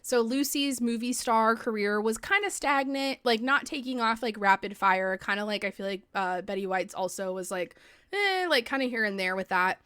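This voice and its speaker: A woman's voice: fairly high pitch, moderate pace, hardly any pauses, fairly bright tone, clear, resonant tone, no echo, clean studio sound. A young adult woman hosting a podcast in casual chat, talking freely with lots of "like" and casual swearing. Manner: chatty, swears freely, heavy use of "like". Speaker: podcast host. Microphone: podcast microphone.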